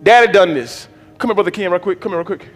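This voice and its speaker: A male preacher delivering a sermon. He swings from low murmurs to shouted, drawn-out exhortation and repeats phrases in a rhythmic preaching cadence. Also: long reverb tail, faint music behind. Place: church hall.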